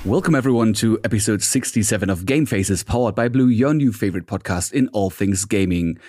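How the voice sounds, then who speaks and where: A man's voice: fairly low pitch, animated, a little fast, darkish tone, slightly rough, no room sound, studio quality, soft background music. A man hosting a gaming podcast, upbeat and chatty, often repeating words as he talks. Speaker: podcast host.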